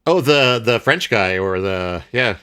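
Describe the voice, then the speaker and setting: A man's voice: fairly low pitch, lively intonation, a little slow, sharp tone, clean tone. A man co-hosting a podcast, recapping a film in casual chat and rambling through many fillers and restarts. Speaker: podcast co-host.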